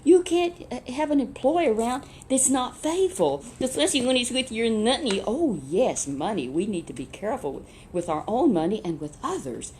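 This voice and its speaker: A woman telling a children's Bible story in a lively, chatty way, with asides to a puppet. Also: a little high, normal speed, few pauses, a little hiss or hum.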